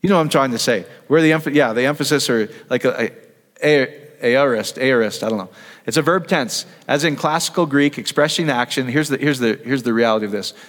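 A man preaches in a relaxed teaching sermon in an easygoing, mid-range voice. He keeps asking his listeners questions, trailing off and picking his thought back up. His words ring out with a long reverb across a church hall. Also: mid-range voice, fairly quick. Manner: conversational, asks the audience questions, trails off and restarts.

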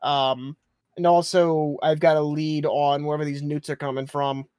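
A player in a tabletop game who talks in a halting, stammering, apologetic way. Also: mid-range voice, level tone, darkish tone, clear, resonant tone, dry recording, clean studio sound. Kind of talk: tabletop role-play.

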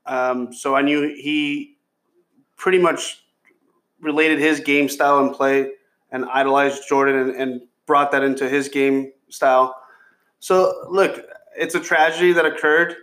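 A man in casual chat who speaks haltingly, often repeating words. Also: mid-range voice, level tone, a bit bright.

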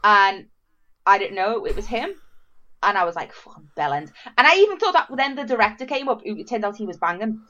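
A woman's voice: mid-range voice, brisk, dull audio. A woman co-hosting a casual podcast chat, swearing freely and acting out what people said. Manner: animated storyteller, swears freely, acts out quotes. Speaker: podcast co-host.

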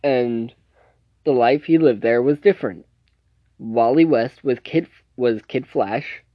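A man's voice: medium pitch, takes it slowly, no room sound, lo-fi sound. A man casually recapping a TV series plot in a loose, rambling way, full of fillers and self-corrections. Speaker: TV series reviewer.

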